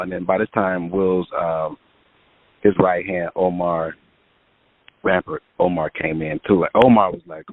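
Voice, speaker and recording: A man's voice: sits low, steady tone, a little slow, no echo. A man, a music producer guest, telling long casual stories in an interview with many fillers. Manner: rambling anecdotes with many fillers. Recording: tinny phone-line sound.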